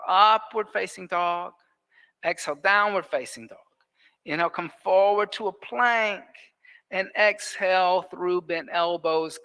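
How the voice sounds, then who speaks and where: Bright-voiced playful male yoga teacher. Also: high-pitched. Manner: playful, teasing instructor who counts breaths aloud. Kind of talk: guiding a live yoga class. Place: indoor yoga studio with windows.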